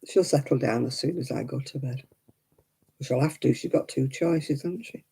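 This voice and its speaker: A woman's voice: a bass voice, normal speed, vocal fry, dark tone, husky. A middle-aged woman chatting casually while knitting on a crafting livestream, cooing baby talk to her dog in between.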